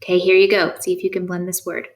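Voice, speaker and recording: A woman with a lowish voice teaches a phonics lesson to young learners. She gives slow, clear prompts, pauses for their answers, and offers steady praise.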